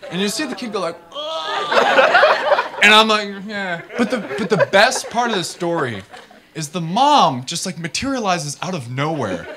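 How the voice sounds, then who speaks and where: A man gives a casual, animated talk to an audience, full of fillers and acted-out voices. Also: high voice, moderate pace, heavy background noise. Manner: animated storyteller, acts out people in funny voices. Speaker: startup founder giving a talk.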